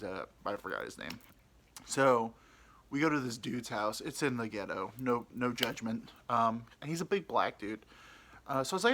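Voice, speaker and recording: A man's voice: medium pitch, lively intonation, fairly quick, a bit bright. A young man telling a crude, comic personal story in a rambling, casual way, full of fillers and acted-out quotes. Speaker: podcast storyteller.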